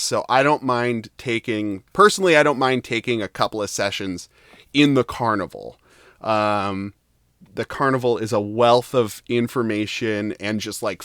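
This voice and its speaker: A man's voice: medium pitch, fairly bright tone, clean tone, no echo, clean studio sound. A man acting as game master, chatting casually and enthusiastically with his players after a session, with lots of fillers. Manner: enthusiastic, rambling with many fillers.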